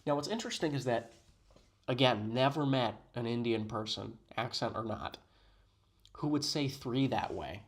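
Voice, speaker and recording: A man's voice: medium pitch, animated, moderate pace. A man giving sarcastic, mock-serious commentary on a video he is playing. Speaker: reaction commentator.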